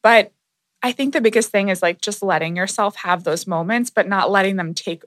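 A woman's voice: medium pitch, normal speed, fairly bright tone, dry recording, studio quality. A pregnant woman in her thirties chatting casually as a podcast guest, full of fillers and acting out her own thoughts. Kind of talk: casual chat.

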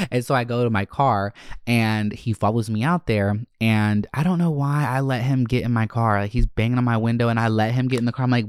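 A man tells stories as a podcast host, brash and profane, and acts out the people in them. His voice is smooth and clear at a middle pitch. The sound is close and dry. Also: fairly quick, dry recording. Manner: brash, profane, animated storyteller who acts out quotes. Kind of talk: casual storytelling chat.

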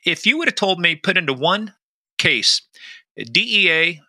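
Guy cohosting a podcast, high bright voice, goofy wisecracks, dry close sound. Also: expressive, measured pace, no room sound. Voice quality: wisecracking, loose delivery. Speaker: podcast co-host. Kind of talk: joking podcast banter.

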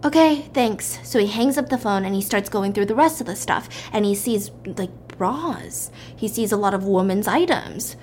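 A woman casually retelling a story, animated and acting out the characters' lines in raised voices. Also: medium pitch, moderate pace, hardly any pauses, a little hiss or hum.

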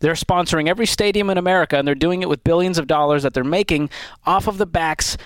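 Guy co-hosting a radio show, highish voice, acts stuff out when he tells a story, dry mic. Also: fast, no room sound. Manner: animated storyteller, acts out little scenes. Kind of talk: call-in advice show banter.

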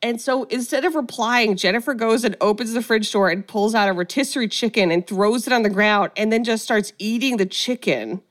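A woman co-hosting a podcast, casually recapping a film and acting out the quotes with lively energy. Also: a little high, brisk, few pauses. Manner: animated storyteller, acts out quotes. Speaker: podcast co-host.

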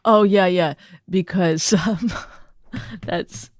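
A woman's voice: fairly low pitch, drawn-out words, a little mellow, no room sound. A middle-aged woman comedian bantering casually with dry, blunt teasing. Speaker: stand-up comedian and podcast co-host.

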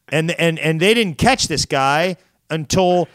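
A man's voice: fairly high pitch, lively intonation, unhurried, fairly bright tone, dry recording. Rambling, teasing man, dry sound. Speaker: podcast co-host. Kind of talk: casual chat.

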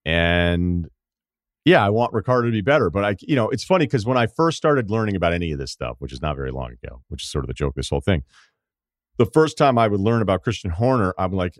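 Low-voiced man hosting a sports podcast. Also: sing-song, fast, no room sound, studio quality. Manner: rambling, self-deprecating asides. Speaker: podcast host. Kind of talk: casual sports talk. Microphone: studio microphone.

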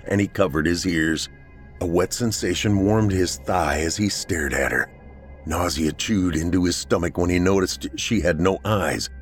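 A man with a low voice reads a horror tale in a measured, dramatic way. Faint music plays beneath his narration. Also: husky. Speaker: podcast narrator.

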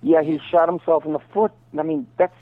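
A middle-aged man, a voice actor guest, telling rambling showbiz stories over the phone and slipping into quick impressions. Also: fairly high pitch, fairly even intonation, a little hiss or hum. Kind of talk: casual phone interview. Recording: tinny phone line.

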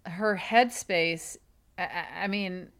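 A woman's voice: on the low side, slow, fairly bright tone, clean tone. A woman co-hosting a casual chat podcast, laughing often and acting out mocking quotes.

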